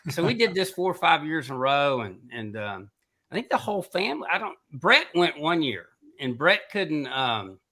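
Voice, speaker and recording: A middle-aged man with a bright, ringing voice spins a casual anecdote as a podcast co-host. His pitch swoops all over as he tells the story, and he breaks into laughter at his own tale. His voice sits a little higher than most men's. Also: moderate pace. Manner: animated storyteller who laughs through his own stories and mimics others' voices.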